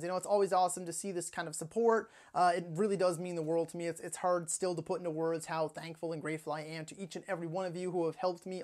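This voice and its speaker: Young adult in their twenties, movie channel host, casual Q&A vlog, chatty, lots of fillers, mid-pitched voice. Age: 20s. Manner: chatty, many "like" fillers and self-corrections.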